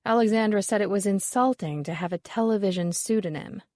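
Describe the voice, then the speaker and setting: A woman's voice: mid-range voice, a little fast, darkish tone, dry recording, lightly acted. A woman reading a dry, dismissive woman appraiser.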